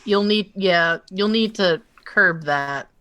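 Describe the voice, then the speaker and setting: A woman's voice: lowish voice, slow, fairly bright tone. A woman playing in a tabletop game, chatty and laughing, with many fillers. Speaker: player. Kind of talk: casual tabletop play.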